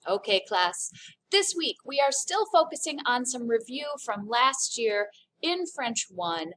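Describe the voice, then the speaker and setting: Slow, cheerful high-voiced French teacher. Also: female voice, very animated, fairly bright tone, a little hiss or hum, low-quality recording. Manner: slow, clear, encouraging, with light jokes. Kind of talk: recorded classroom lesson.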